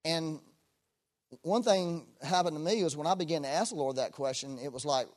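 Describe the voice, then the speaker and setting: A man preaching a sermon in a folksy, emphatic way, with loud bursts and joking asides. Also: fairly high pitch, moderate pace. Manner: folksy, self-deprecating asides.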